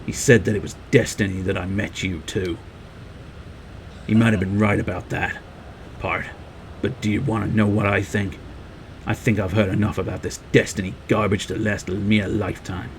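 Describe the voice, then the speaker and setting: A man's voice: on the low side, creaky, slight background noise. A man streaming a video game, chatting playfully and joking to himself as he plays. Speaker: gaming streamer. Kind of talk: casual live gameplay commentary.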